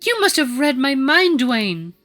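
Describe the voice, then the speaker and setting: A man's voice: very high voice, very animated, a little slow, sharp tone, faint music behind, pitched above the performer's own voice, heavily acted. A man voicing Anel, a frail sweet old she-wolf. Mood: genteel, dotty. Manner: genteel, dotty, grandmotherly. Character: frail ancient female wolf elder, sweet, scatterbrained.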